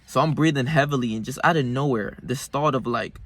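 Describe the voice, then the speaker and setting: A man's voice: mid-range voice, brisk. Young man telling a profane motivational story. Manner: profane, animated storytelling with slang fillers. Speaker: self-improvement vlogger. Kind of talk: casual motivational monologue.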